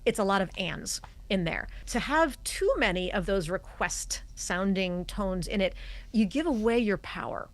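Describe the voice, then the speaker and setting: Middle aged woman coach on a podcast, emphatic, mid-pitched voice, acts out examples. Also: expressive, unhurried. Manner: emphatic, demonstrates voice habits as she talks. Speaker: communication coach guest. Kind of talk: podcast interview, explaining.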